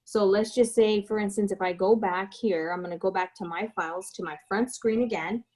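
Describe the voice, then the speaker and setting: A woman real estate broker talks through a casual tutorial, sharing stories from her work. Her voice sits at an ordinary middle pitch. She rambles in a chatty way, with plenty of fillers and self-corrections. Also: steady tone, brisk, a little mellow, rough recording. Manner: chatty, frequent fillers and restarts.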